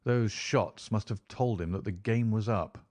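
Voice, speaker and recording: A man voicing a calm, commanding middle-aged detective in a storybook reading, measured and authoritative. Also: lowish voice. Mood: urgent.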